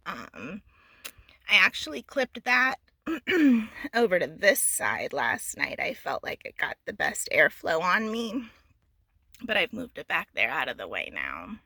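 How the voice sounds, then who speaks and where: Gravelly-voiced woman, half-whispered morning chat. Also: medium pitch, big pitch swings, takes it slowly, bright, forceful tone, no room sound, low-quality recording. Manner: often half-whispered, chatty early-morning talk. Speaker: camping vlogger. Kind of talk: casual vlog narration. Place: inside a small camper van.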